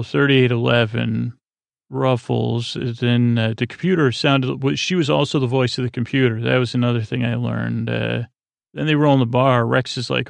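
Man, sleep podcast host, gravelly fry, dry close sound, rambling recap. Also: mid-range voice, steady tone, normal speed, no room sound. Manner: meandering, drowsy, filler-heavy retelling.

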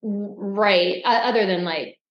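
A woman co-hosting a casual recap podcast, telling stories in a lively way and acting out what others said. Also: medium pitch, unhurried, roomy sound, lo-fi sound. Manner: animated storytelling, acting out quotes. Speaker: podcast co-host.

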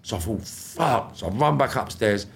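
A middle-aged London man talks with a rough, gravelly edge to his voice. He tells his story in blunt street slang and swears freely. The tone is casual, like a podcast guest speaking off the cuff. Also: on the low side, lively intonation, moderate pace.

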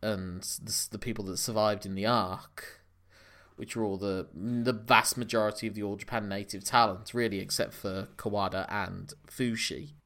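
A man's voice: lowish voice, steady tone, moderate pace, a bit bright. A man co-hosting a casual podcast, explaining things at length in a knowledgeable way. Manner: knowledgeable, long explanatory runs. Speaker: podcast co-host. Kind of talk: casual wrestling podcast chat.

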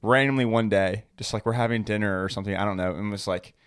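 A man's voice: lowish voice, fast, clear, resonant tone, no room sound. A young man co-hosting a podcast, talking casually and hesitantly, repeating words before getting to his point. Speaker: podcast co-host. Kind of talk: casual chat.

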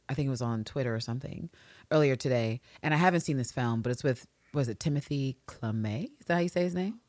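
A woman co-hosting a casual podcast, animated and quick to laugh, swearing freely as she talks. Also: on the low side, no room sound, clean studio sound. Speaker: podcast co-host.

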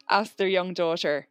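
A woman's voice: fairly low pitch, fairly bright tone, dry recording. A woman, co-hosting a podcast, reading out a dramatic story and breaking into swearing banter. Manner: dramatic narration, swears freely. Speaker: podcast co-host. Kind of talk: true-crime storytelling chat.

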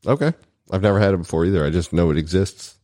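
Guy on a podcast, kinda low voice, rambly jokes, laughs a lot. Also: quick pace, warm tone, no room sound, clean studio sound. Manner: joking, rambling, laughs often. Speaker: podcast co-host. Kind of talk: casual podcast banter.

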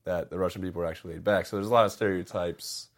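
Low-pitched guy interviewing, keen and chatty, lots of likes. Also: fairly even intonation, very fast. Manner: enthusiastic, asks loose rambling questions. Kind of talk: casual interview chat.

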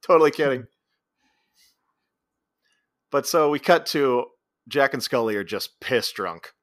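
A man's voice: mid-range voice, animated, measured pace, dry recording, studio quality. A man co-hosting a podcast, animatedly retelling a movie's scenes in casual chat and acting out the characters' lines. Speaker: podcast co-host.

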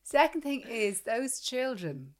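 A woman's voice: fairly high pitch, big pitch swings, slow. An Irish woman co-hosting a chatty podcast, teasing her co-host bluntly and swearing freely. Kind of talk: casual chat.

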